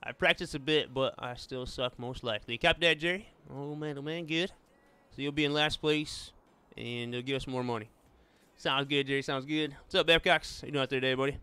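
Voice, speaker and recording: Male gaming streamer, easygoing and chatty, with a bright, forward tone. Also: medium pitch, brisk, smooth. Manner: chatty, friendly, calls viewers "man" and "buddy". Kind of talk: casual gameplay chat.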